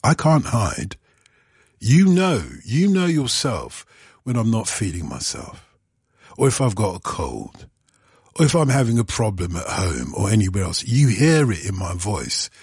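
A man's voice: fairly low pitch, very animated, unhurried, darkish tone, slightly rough, no echo, clean studio sound. A man presenting a radio phone-in, explaining himself earnestly and chatting with callers. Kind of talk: casual radio phone-in chat. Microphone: studio microphone.

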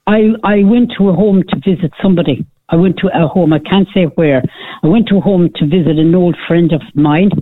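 A woman's voice: fairly low pitch, a little fast. An older Irish woman calling in to a radio show, telling a story with sarcasm and acting out what people said. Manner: animated storyteller, sarcastic, acts out quoted speech. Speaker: caller. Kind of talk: radio phone-in chat. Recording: tinny phone line.

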